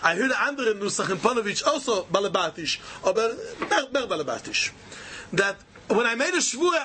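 High, bright male lecturer. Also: fast, slight background noise. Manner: animated, repeats phrases, mixes Yiddish and Hebrew terms. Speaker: Talmud teacher. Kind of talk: yeshiva-style Talmud lecture.

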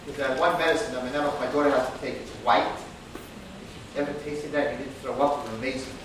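Male preacher, high-pitched and lively, telling parables; recorded far off in a very echoey room with noise. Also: fast talker. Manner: animated storyteller acting out voices, laughing. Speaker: religious teacher. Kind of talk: storytelling sermon. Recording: echoey room, distant mic, noisy.

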